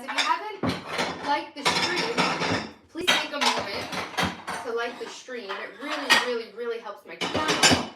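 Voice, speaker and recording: A woman's voice: mid-range voice, noisy background. A bubbly, enthusiastic woman hosting a casual livestream from her home kitchen, reading viewer comments aloud. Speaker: livestream host.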